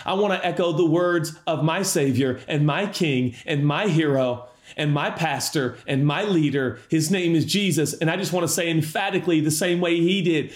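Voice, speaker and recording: A man preaching a sermon as lead pastor, emphatic and building to impassioned appeals. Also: fairly high pitch. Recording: roomy echo.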